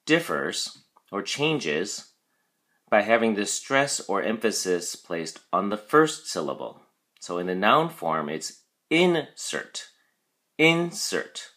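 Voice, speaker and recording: A man teaching a recorded vocabulary lesson, explaining patiently, checking in with "okay" and modeling syllable stress slowly. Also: lowish voice, bright, forceful tone.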